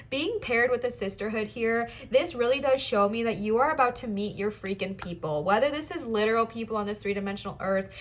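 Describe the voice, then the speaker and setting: A woman's voice: on the high side, a bit bright. A woman giving a casual pick-a-card tarot reading, speaking in enthusiastic, encouraging bursts full of affirmations and chatty asides to her viewers. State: out of breath at times. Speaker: tarot reader, channel host.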